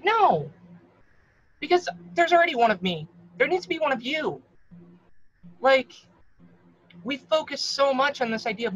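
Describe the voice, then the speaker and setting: A woman in her thirties talking frankly to camera in a casual advice vlog. She is warmly encouraging, swears freely and calls the viewer hun. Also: high-pitched, very animated, measured pace, long pauses, a little hiss or hum. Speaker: vlogger. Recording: slightly dull lo-fi recording.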